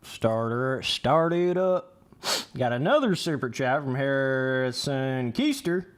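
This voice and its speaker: A man's voice: medium pitch, lively intonation, takes it slowly, smooth. A young man giving casual, rambling livestream commentary while playing a game, swearing freely. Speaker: gaming livestreamer.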